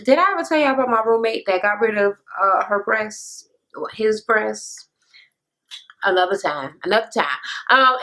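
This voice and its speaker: A woman's voice: a little high, sharp tone. A young woman giving a casual, profane recap rant on a reality show, blunt and full of filler words. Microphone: camera mic.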